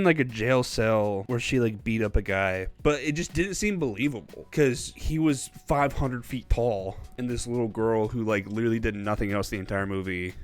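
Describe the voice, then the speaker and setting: A young man giving a casual, rambling movie review vlog, animated and quick to laugh. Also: mid-range voice.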